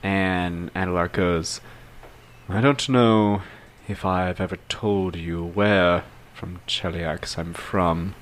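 A man playing a tabletop game, calmly describing his character and speaking for him at length. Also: sits low, slow. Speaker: player. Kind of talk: tabletop role-play.

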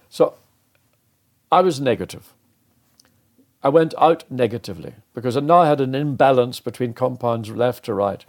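A man's voice: mid-range voice, normal speed, pauses often. An older man, a former racing driver, telling anecdotes in an interview and acting out the dialogue. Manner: animated, acts out quoted dialogue. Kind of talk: anecdotal storytelling.

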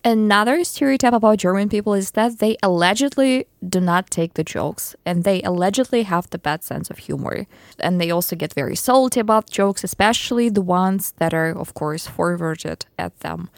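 A woman hosting a radio show, asking a guest questions in a deliberate, chatty way. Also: mid-range voice, creaky, dry recording.

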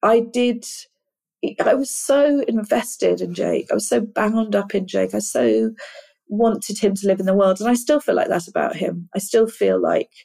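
A woman's voice: mid-range voice, measured pace, creaky, dark tone. A middle-aged woman speaking as an interview guest, talking in an earnest, reflective way that often halts on repeated words. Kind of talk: candid conversational interview.

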